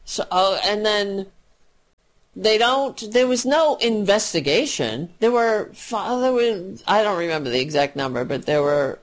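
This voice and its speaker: A woman's voice: mid-range voice, animated, a little slow. A woman giving an exasperated, profane political rant, mocking the people she talks about.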